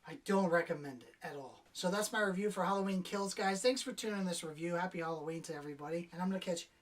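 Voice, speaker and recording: A woman's voice: lowish voice, fast talker, recorded from a distance. A woman giving a casual, sarcastic movie review, swearing freely and mocking the characters. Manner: sarcastic, profane, acts out characters' lines. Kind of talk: casual spoken film review.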